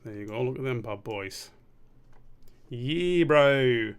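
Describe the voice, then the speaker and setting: A man's voice: fairly low pitch, steady tone, brisk. A man streaming a drawing session, rambling and muttering to himself, swearing freely as he works. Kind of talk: casual live-stream commentary while drawing.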